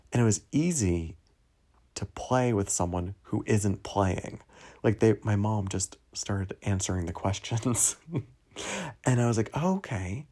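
A man's voice: lowish voice, mellow. A young man from New Jersey hosting a podcast, talking in a rambling, digressive, self-deprecating solo monologue. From New Jersey, USA. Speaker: podcast host.

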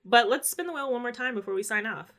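Upbeat woman podcast host, higher voice. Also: fast, a bit bright. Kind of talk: casual chat.

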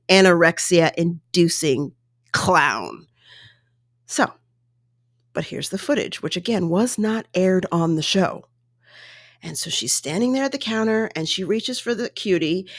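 Animated woman retelling a story. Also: on the low side, no room sound, clean studio sound. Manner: animated, exasperated retelling with quoted voices. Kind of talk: casual storytelling monologue.

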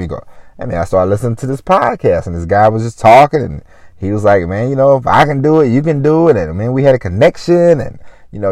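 A man's voice: low voice, darkish tone, no echo, clean studio sound. A man hosting a podcast, rambling in a casual motivational monologue and saying "you know" again and again. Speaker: podcast host.

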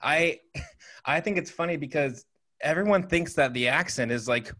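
A man's voice: a little high, moderate pace, sharp tone. Chatty male podcast co-host from Western Canada. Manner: hesitant, many restarts and "like". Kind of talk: casual podcast chat.

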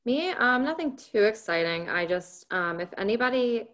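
A woman's voice: on the high side, big pitch swings, moderate pace, fairly bright tone. A woman co-hosting a casual podcast, blunt and casually swearing. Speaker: podcast co-host. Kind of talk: casual chat.

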